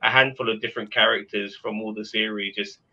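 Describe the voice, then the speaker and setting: Guy rambling excitedly on a live panel, bright tone, dull lo-fi audio. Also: on the low side, brisk. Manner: enthusiastic, rambling. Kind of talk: casual live panel chat.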